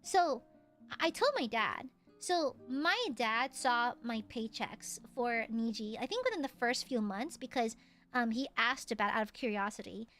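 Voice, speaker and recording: Young woman streamer, high bright voice, chatty, rambling, quick to laugh. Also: expressive, faint music behind. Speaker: VTuber streamer. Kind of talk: casual chat.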